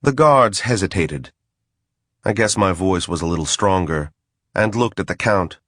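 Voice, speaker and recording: A man's voice: deep voice, lively intonation, measured pace, a bit bright, no echo. A man narrating an audiobook in first person with a dry, wry delivery. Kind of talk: scripted narration.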